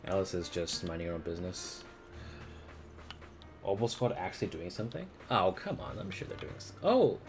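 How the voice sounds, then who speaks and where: A man's voice: sits low, big pitch swings, normal speed, over music. A man streaming a video game, joking crudely as he comments on the story. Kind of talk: gameplay commentary.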